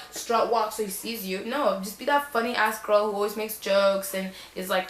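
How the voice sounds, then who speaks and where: A woman's voice: mid-range voice, a bit bright, a little hiss or hum. Young woman vlogger, chatty and sassy, mid-range voice, echoey room. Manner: chatty, sassy, slangy, with playful acted-out quotes. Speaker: vlogger giving advice. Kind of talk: casual advice Q&A.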